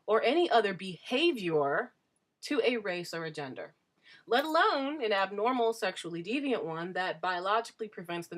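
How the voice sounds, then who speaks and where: A woman vlogger giving an opinion monologue to camera, emphatic and earnest, leaning hard on key words. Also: medium pitch. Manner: emphatic and earnest, stressing words, with frequent restarts.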